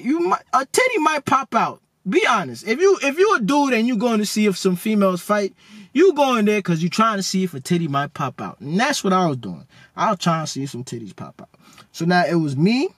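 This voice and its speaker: Animated New guy telling a story. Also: sits high, dry recording, clean studio sound. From New York. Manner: animated, joking, slangy. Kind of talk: casual storytelling.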